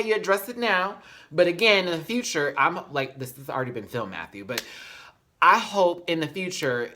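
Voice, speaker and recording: A man's voice: a little high, pushed and bright, slight background noise. Brief: male vlog host, sassy and emphatic, heartfelt, chatty, addresses viewers as y'all. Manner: heartfelt, speaks openly about feelings. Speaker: reality TV reviewer. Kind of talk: casual vlog commentary.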